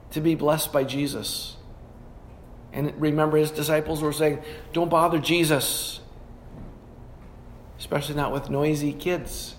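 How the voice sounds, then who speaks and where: A man preaching through a bible passage in a teaching sermon, his voice sitting a bit high for a man. He often stops to correct a word before going on. Faint noise sits behind him. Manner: teaching through scripture with frequent self-corrections. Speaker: pastor.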